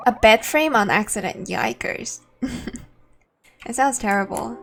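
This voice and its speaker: A woman's voice: mid-range voice, takes it slowly, faint music behind. A woman streaming a game, chatting casually and thinking aloud, laughing easily. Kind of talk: casual let's-play commentary.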